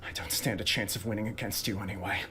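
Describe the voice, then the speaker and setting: An actor playing a calm, earnest young male clan heir who speaks in a steady way. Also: lowish voice, fast, slight background noise.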